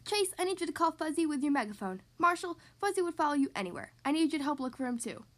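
A woman voicing a calm, kind boy who leads a team of pups, giving steady, reassuring instructions in a children's story reading. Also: high-pitched, fast.

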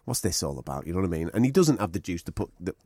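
Emphatic boxing pundit, lively pitch. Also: male voice, rapid-fire, husky, no echo, clean studio sound. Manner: emphatic, opinionated, repeats points. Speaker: podcast co-host. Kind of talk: casual boxing chat.

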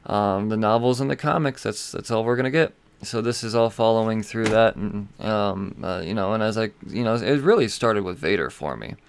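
A man's voice: on the low side, normal speed, gravelly, hardly any pauses, clear, resonant tone. A man hosting a podcast, chatting casually about comic books in a rambling, profane way with frequent fillers. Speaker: podcast host. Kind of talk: casual comic book news chat.

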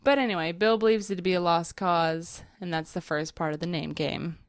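A woman's voice: on the low side, fairly even intonation, a little fast, dry recording, clean studio sound. A woman co-hosting a casual TV recap podcast, laughing often and giving blunt, wry opinions. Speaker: podcast co-host.

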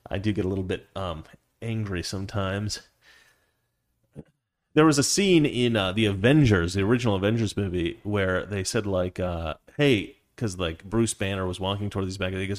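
Rambling, low-voiced male livestream host. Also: normal speed. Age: adult, past his teens. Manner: rambling, self-correcting, laughs often. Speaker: livestream host reading viewer comments. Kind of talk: casual livestream chat.

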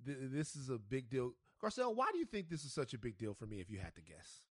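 A man's voice: medium pitch, big pitch swings, fast talker, slightly rough, no echo, clean studio sound. A man hosting a podcast, asking playful questions in a casual chat. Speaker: podcast host.

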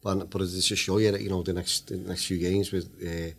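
A man's voice: sits low, flat delivery, gravelly, husky. A man in a casual football chat, repeating words as he talks. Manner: fast, repeats words, hedging.

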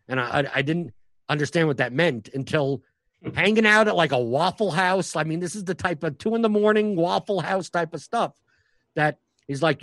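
Male comic, chatty podcast guest, somewhat high voice, dry close sound, talks in loose rambling bursts. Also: a bit bright, no echo. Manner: rambling, fast, many restarts and filler words. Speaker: stand-up comic and professional poker player. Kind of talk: casual podcast conversation.

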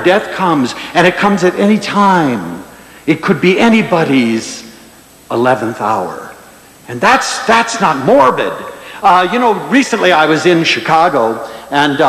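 Man, inspirational lecturer, lively swinging pitch, storytelling, echoey lecture hall. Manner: animated, expressive storytelling. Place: large lecture hall with an audience. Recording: echoey hall with long reverb.

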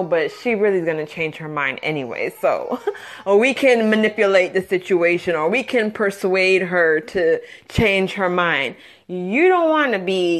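A woman in her thirties hosting a podcast, talking earnestly and conversationally about boundaries, with many "you know"s and light laughs. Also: medium pitch. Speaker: podcast host. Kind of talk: casual self-help monologue.

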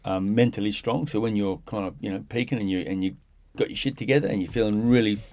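A man's voice: lowish voice, fast talker, a little mellow. An Australian man hosting a casual chat and encouraging his guest with emphatic, repeated phrases. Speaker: host.

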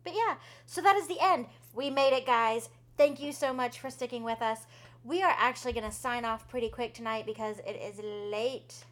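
A young woman co-hosting a book podcast, joking, swearing freely and reacting quickly. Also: sits high. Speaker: podcast co-host. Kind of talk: casual book podcast chat.

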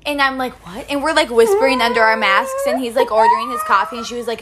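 A woman in a casual storytelling chat from a hotel room, animated, chiming in and laughing. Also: a little high, fast talker, crowd noise. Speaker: co-host.

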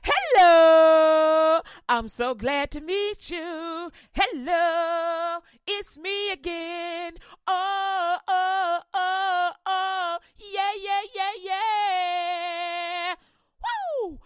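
A woman's voice: very high voice, steady tone, drawn-out words, no echo, clean studio sound, voice pushed up, exaggerated voice. A woman voicing sin as a rowdy, gleeful male figure who whoops and hollers. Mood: whooping. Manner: whooping, boisterous.

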